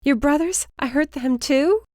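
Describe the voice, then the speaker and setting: Narrator doing a desperate hoarse young woman. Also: high voice, unhurried, a little mellow, no room sound, clean studio sound, voice pushed up. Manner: raised, strained and desperate. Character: frightened injured young woman, defiant.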